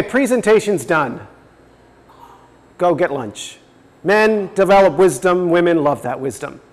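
A man's voice: sits high, long reverb tail. A man giving a religious teaching talk, explaining step by step and reading passages aloud. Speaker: presenter.

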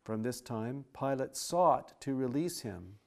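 A man reading scripture aloud in a steady, formal style with archaic wording. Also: mid-range voice, takes it slowly, vocal fry.

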